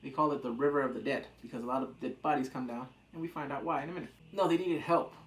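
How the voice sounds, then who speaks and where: A man's voice: mid-range voice, fairly even intonation, quick pace, a little hiss or hum. A man reviewing a TV episode in a casual, rambling, jokey recap chat. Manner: rambling, jokey, acts out quotes. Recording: roomy echo.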